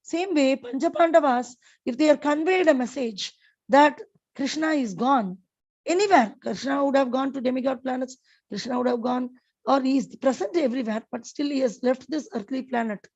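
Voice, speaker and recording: A woman's voice: high-pitched, moderate pace, darkish tone, highs cut off. A woman giving a devotional scripture class, telling stories with many fillers and restarts. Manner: storytelling with frequent fillers and restarts.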